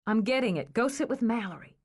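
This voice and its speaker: A woman voicing a brisk, caring young woman. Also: a little high, animated, slightly rough, voice pushed up. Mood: bustling.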